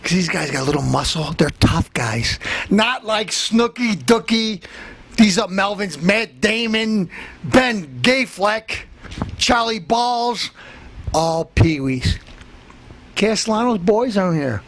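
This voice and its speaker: High-pitched blustering man ranting. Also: animated, slow pace, creaky. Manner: boastful, blustering, threatening to beat people up; bursts into shouting. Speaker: comedy show host. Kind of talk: comic tough-guy rant.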